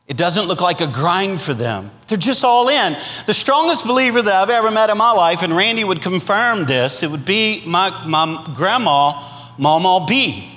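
A middle-aged pastor from Louisiana with a Cajun accent, preaching a sermon with rising emphasis and calls for amens. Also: male voice, high voice, fairly bright tone. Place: church sanctuary. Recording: long hall reverb.

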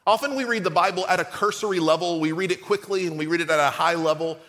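A middle-aged man preaching a sermon, lively and conversational, acting out quotes in his stories, with a cold. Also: sits high, quick pace, big-room sound. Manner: storytelling, animated and conversational, acts out quotes. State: has a cold. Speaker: pastor.

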